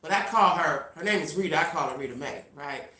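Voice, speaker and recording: A middle-aged woman hosting a live stream, telling a personal story in a casual, animated way and talking straight to her viewers. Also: deep voice, brisk, echoey room. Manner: reads out viewer comments. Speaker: livestream host.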